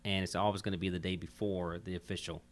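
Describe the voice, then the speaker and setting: A man hosting a casual podcast chat, talking in a halting way with frequent restarts. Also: low voice, flat delivery. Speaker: podcast host.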